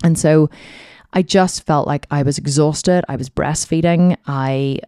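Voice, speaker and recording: A woman podcast host tells a candid story from her own life, heartfelt and rambling, full of "you know" and restarts. Her voice is mellow and warm rather than bright. The recording is dry and close, with no room sound. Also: low-pitched, steady tone, measured pace, clear, resonant tone, no room sound. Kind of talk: personal storytelling monologue.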